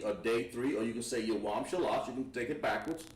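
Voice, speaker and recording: In an echoey classroom, a male Hebrew teacher gives a lesson at the board, patient and encouraging, repeating words slowly. His medium-pitched voice is recorded from a distance.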